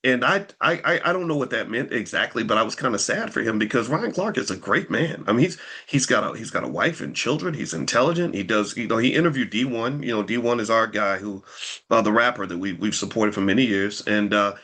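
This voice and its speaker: This man's voice is lowish, brisk and a bit rough as he addresses viewers in unscripted commentary. His delivery is lively and rhetorical, stacking up sharp questions and often starting his words over.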